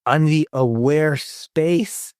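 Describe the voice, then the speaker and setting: A man's voice: a little high, drawn-out words, darkish tone, clear, resonant tone, no room sound, clean studio sound. A man talking about recovery in a casual spiritual conversation, earnest and affirming, repeating key phrases and swearing now and then.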